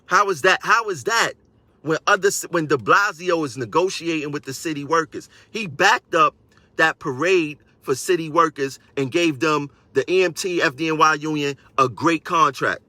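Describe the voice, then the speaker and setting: A man's voice: on the high side, normal speed, sharp tone, no room sound. Combative New man ranting live. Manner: combative, repeats phrases for emphasis. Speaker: transit union member. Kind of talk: live-stream rant to viewers.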